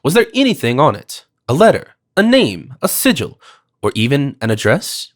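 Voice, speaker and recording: A man voicing a composed, sharp male detective who questions people with precise authority. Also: medium pitch, very animated, normal speed. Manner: precise and commanding.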